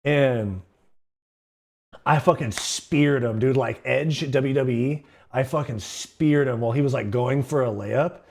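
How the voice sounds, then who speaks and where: A young man of middle pitch hosts a livestream and tells stories in a loose, rambling way. His talk is full of slang and swearing. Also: unhurried, a little mellow, slight background noise. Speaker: livestream host. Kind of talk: casual storytelling.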